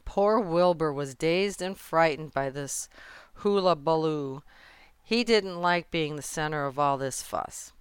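Slow, low-voiced woman reading a storybook. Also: clear, resonant tone, no echo. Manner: gentle, measured storytelling. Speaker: storybook narrator. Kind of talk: children's book read-aloud.

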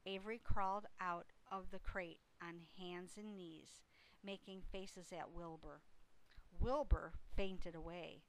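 Woman slowly reading a children's story. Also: on the low side, fairly even intonation, rough recording. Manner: slow, unhurried read-aloud with small slips. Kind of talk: reading a children's book aloud.

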